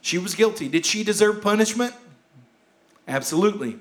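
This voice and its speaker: A man preaching a sermon as pastor in a church, urgent and impassioned, repeating key phrases and dropping to hushed tones. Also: high voice, expressive, moderate pace. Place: church sanctuary.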